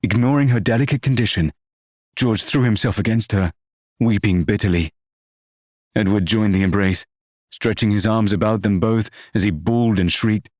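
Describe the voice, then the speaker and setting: A man narrating an audiobook novel in a measured, expressive reading. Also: lowish voice, no echo, clean studio sound.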